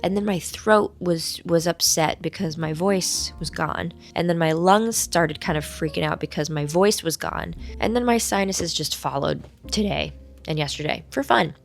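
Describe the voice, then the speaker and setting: A woman hosting a casual vlog from a hotel room, her voice hoarse while it recovers, chatting in a playful, rambling, self-mocking way. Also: lowish voice, normal speed, faint music behind. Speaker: vlog host. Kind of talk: casual chat to camera.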